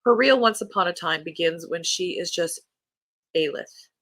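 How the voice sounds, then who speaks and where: A book podcast host chatting casually and reading new-release blurbs aloud in an even storytelling way. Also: mid-range voice, normal speed, dry recording.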